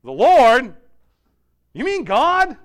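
A man voicing a panicked man hanging from a cliff, yelling and pleading for help. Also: high voice, very animated, brisk, voice pushed up, full character voice.

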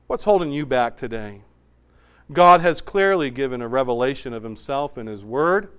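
A man preaching a sermon as pastor, swinging between emphatic raised passages and quiet, hushed asides. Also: mid-range voice, lively intonation, normal speed, smooth.

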